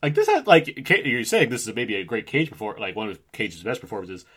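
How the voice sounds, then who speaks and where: A man riffing through a casual movie commentary, his pitch bouncing all over as he talks. He laughs a lot and curses freely, at a middling pitch. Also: brisk, husky. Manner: laughing often, animated, swearing. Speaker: podcast co-host.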